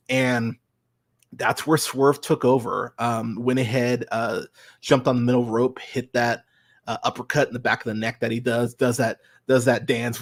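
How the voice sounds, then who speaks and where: A man hosting a podcast from his room, reviewing a wrestling match in an excited, casual way, swearing a lot and using many fillers. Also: mid-range voice. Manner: enthusiastic, swears often, lots of fillers.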